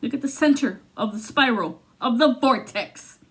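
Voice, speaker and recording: Profane animated woman tarot reader. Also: normal speed. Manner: profane, animated, swings between loud outbursts and low muttering. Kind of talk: casual tarot reading monologue.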